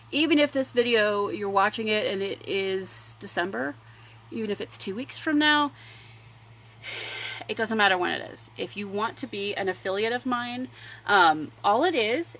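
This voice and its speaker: A woman's voice: mid-range voice, a bit bright, rough recording. Chatty woman hosting a makeup livestream. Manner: chatty and rambling, drifting between demo and sales talk. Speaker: makeup livestream host selling products. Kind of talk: casual makeup tutorial chat.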